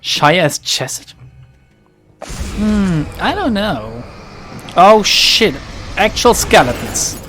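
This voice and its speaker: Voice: mid-range voice, very animated, drawn-out words, long pauses, a bit bright, faint music behind. Rambling game streamer. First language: German. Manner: rambling, laughing, tangential. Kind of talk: casual let's play chat.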